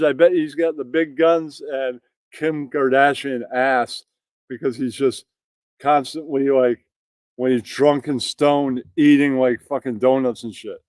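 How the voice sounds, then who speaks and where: A man's voice: medium pitch, fairly even intonation, a little slow, darkish tone, dry recording, studio quality. Profane mocking male streamer. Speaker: stream host reacting to clips. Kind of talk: crude comedic rant.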